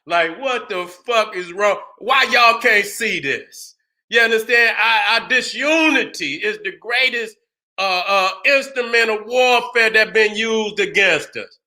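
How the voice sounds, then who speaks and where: High, bright-voiced man preaching hard. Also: unhurried. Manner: emphatic and profane, often rising to shouts; keeps asking "you understand what I'm saying". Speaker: channel host. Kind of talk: impassioned commentary monologue.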